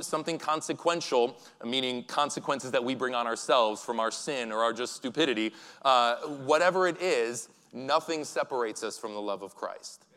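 A man preaches an earnest sermon at a middle pitch. He talks in halting bursts and restarts his phrases. His voice carries the long reverb of a church hall. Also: a bit bright, clean tone.

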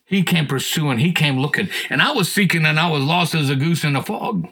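A middle-aged man tells his personal story in a folksy, earnest way. His voice is bright and forceful, with a husky grain, and sits a little high for a man. He builds to loud, impassioned appeals. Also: a little fast. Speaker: guest telling his testimony. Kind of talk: personal testimony.

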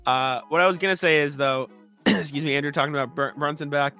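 A sniffly man co-hosting a casual sports chat, talking in a halting way and clearing his throat often. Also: fairly high pitch, fairly even intonation, bright, forceful tone, soft background music. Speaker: co-host of a sports talk stream.

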